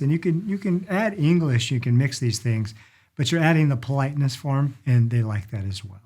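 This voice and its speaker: A man's voice: medium pitch, animated, normal speed, a little mellow. A middle-aged man explaining travel phrases in a casual instructional talk, demonstrating them with stretched vowels. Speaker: language and culture teacher.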